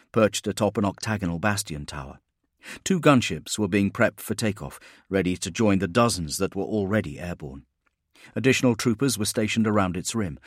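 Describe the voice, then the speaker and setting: A man reads a science-fiction audiobook in a steady, measured storytelling manner. His voice sits low, recorded dry and close with no room sound. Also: breathy edge, no room sound. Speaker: audiobook narrator. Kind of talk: scripted narration.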